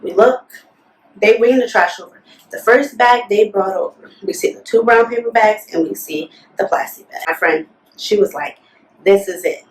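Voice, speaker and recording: A woman's voice: mid-range voice, normal speed. A young woman vlogger telling a storytime in an indignant, fired-up way, full of "like". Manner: fired-up, indignant, talks with lots of "like". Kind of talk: storytime retelling. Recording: roomy echo, mic at a distance.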